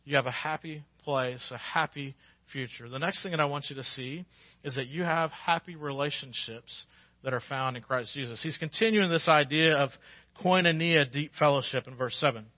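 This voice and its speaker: A man's voice: on the high side, moderate pace, no echo, highs cut off. A man preaching a sermon as pastor, folksy and conversational, rising to emphatic peaks.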